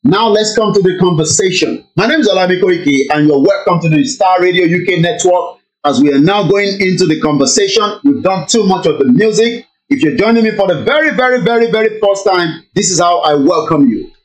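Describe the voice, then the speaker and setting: A woman's voice: fairly low pitch, animated, a little fast, rough recording. A Nigerian woman hosting a radio talk show, chatting with listeners, exclaiming and slipping into pidgin. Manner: laughs often, exclaims, mixes in pidgin. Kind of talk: lively radio commentary with listener shout-outs.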